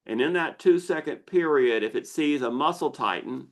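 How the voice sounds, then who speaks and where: A man hosting a live online Q&A, explaining slowly and deliberately with pauses as he shares slides. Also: fairly high pitch, animated, a bit bright. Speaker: misophonia researcher hosting a Q&A.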